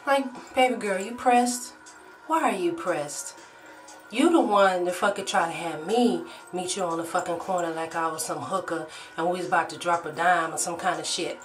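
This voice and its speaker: A woman vlogger telling a story to her own camera, animated and swearing, acting out shouted quotes. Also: on the low side, fairly quick, few pauses, distant mic, soft background music. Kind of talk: storytime vlog.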